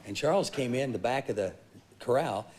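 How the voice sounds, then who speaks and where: A man, a talk show guest telling stories in an animated, laughing way. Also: mid-range voice, moderate pace, a little hiss or hum. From Texas, USA. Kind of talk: talk show interview, storytelling.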